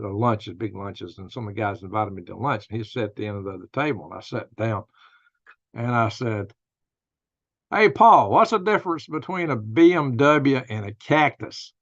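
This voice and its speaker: A man's voice: fairly low pitch, a bit bright, no echo, highs cut off. An older man hosting a casual live-stream, telling rambling stories and laughing at his own jokes. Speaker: host of a news and commentary stream.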